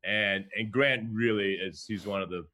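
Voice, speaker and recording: A man, a chef from the United States, telling stories in a relaxed interview, restarting phrases and acting out what others said. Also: lowish voice, normal speed. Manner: animated, restarts phrases, acts out quoted chefs. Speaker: chef and guest. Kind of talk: conversational storytelling.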